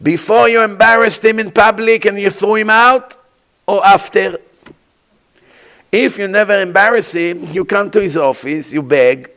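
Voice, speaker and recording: A man with a fairly high voice delivers a sermon as a rabbi. His English is imperfect in grammar, and he tells vivid stories, throwing rhetorical questions at his listeners. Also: normal speed, a bit bright.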